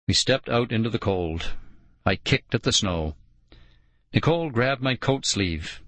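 Male audiobook narrator, unhurried and expressive, dry close-miked read. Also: mid-range voice, no room sound. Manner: measured, expressive storytelling. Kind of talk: first-person audiobook narration.

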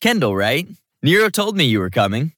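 A man's voice: mid-range voice, big pitch swings, normal speed, fairly bright tone, dry recording, clean studio sound. A man reading an audiobook, voicing a cheerful, playful young man who gives out tasks. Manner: cheerful, chatty.

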